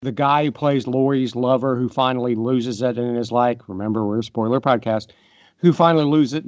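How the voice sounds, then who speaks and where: A middle-aged man argues his view of a movie on a podcast, making his case with examples at a middle pitch. His voice sounds dry and close to the mic. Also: a little fast, darkish tone, no room sound, highs cut off. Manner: opinionated, makes points with examples. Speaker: podcast co-host. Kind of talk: casual movie discussion.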